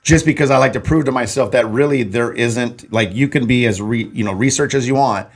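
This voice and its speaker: A man's voice: mid-range voice, brisk. A man co-hosting a podcast, talking casually about betting and sports. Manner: conversational, chatty sports talk. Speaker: podcast co-host. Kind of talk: casual chat.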